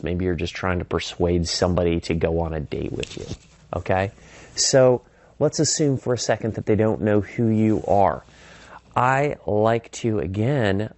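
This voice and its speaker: Lower-voiced man teaching sales technique. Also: a little mellow, no room sound. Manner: acts out sample phone calls in varied voices; explanatory, conversational teaching. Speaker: sales trainer. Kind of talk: instructional talk.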